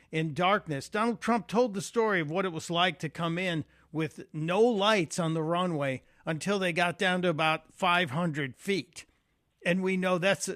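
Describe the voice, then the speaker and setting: A man's voice: sits high, a bit bright, no echo, studio quality. A man guest-hosting a radio call-in show, talking in a conversational, folksy way with frequent fillers. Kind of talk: talk radio monologue and call-in.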